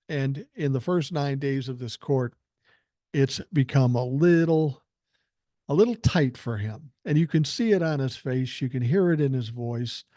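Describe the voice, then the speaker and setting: An older male podcast host reads listener emails and answers them bluntly and emphatically, swearing freely. His voice is warm and mellow, at a middle pitch. The sound is dry and close, with no room echo. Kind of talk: political podcast commentary, reading listener emails aloud.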